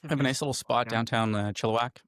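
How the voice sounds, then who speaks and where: A man's voice: medium pitch, fairly even intonation, fast talker, fairly bright tone, clear, resonant tone, dry recording, clean studio sound. A man co-hosting a podcast from British Columbia, chatting in an easygoing way. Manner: easygoing and laughing. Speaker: podcast co-host. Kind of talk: casual chat.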